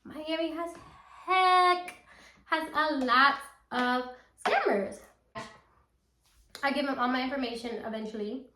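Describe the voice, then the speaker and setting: A young woman tells a story straight to her viewers, acting out every quote with animated asides. Her voice sits high and bright, and the room around her rings with echo. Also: slow, pauses often. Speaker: storytime vlogger. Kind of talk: casual storytelling to camera. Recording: echoey room.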